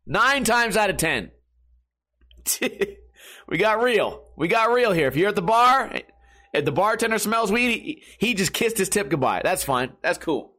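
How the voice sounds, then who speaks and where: A man's voice: high voice, sing-song, unhurried, sharp tone. A young man telling a rambling, profane story in a casual monologue, mocking himself and laughing often.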